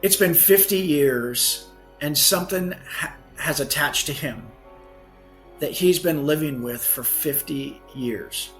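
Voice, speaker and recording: A man's voice: fairly high pitch, slow, fairly bright tone, faint music behind. A man, a guest author on a podcast, telling a story earnestly and often correcting himself mid-sentence. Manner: earnest anecdote telling with frequent self-corrections.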